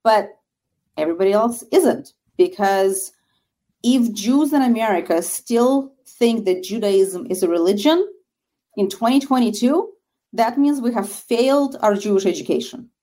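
A woman's voice: on the high side, a little slow, mellow. A woman with a Russian accent, a guest speaking earnestly and emphatically about her organization in an interview. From former Soviet Union. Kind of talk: interview conversation.

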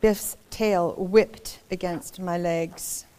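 A woman reading a children's picture book aloud, expressive and dramatic, pausing for asides to young listeners. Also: fairly low pitch, clear, resonant tone. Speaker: storybook reader.

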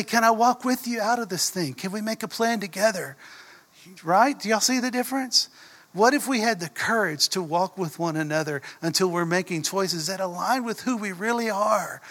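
A middle-aged pastor with a Southern drawl preaches earnestly in an echoey church hall, often posing questions to the congregation. His voice is high-pitched and fairly bright.

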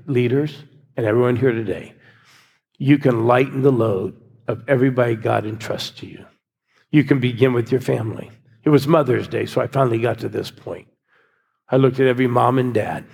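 An older man, a pastor, preaches a sermon in a large church hall, urging his congregation to call back and cheer. His voice is medium-pitched, creaky, and darkish with a breathy edge, and the hall gives the recording a long reverb.

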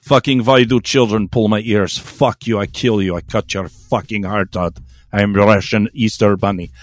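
Comic bit: a man voicing a furious, cursing Easter Bunny, lowered voice. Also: fairly even intonation, normal speed, no room sound, clean studio sound, close to an everyday voice. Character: angry swearing Russian Easter Bunny, male.

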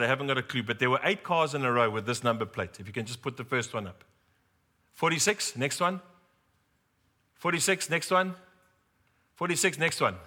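Middle-aged male pastor; humorous storytelling sermon, bright tone, addresses the congregation directly. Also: medium pitch. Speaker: preacher.

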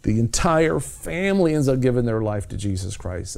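A man's voice: medium pitch, very animated, normal speed, gravelly, darkish tone. A man hosting a Christian television program, talking about faith in a fervent, exhorting preacher's cadence. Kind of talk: evangelistic TV talk.

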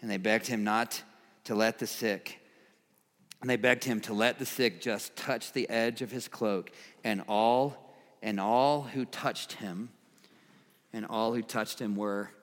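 In a big-sounding room, a man preaches a sermon, reading scripture aloud and performing its voices. He swings between emphatic highs and quiet, earnest lows.

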